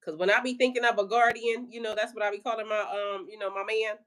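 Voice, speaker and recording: A woman's voice: mid-range voice, flat delivery, fast talker. A woman hosting a livestream as a spiritual life coach, chatting casually with viewers in a playful, slangy way and laughing often.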